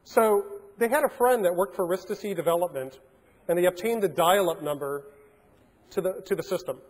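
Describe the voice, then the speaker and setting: A man giving a storytelling keynote talk to a conference, animated, with frequent restarts. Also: high-pitched, fairly quick. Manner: animated, acts out phone calls in changed voices, frequent restarts. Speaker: keynote speaker. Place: large conference hall. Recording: long hall reverb.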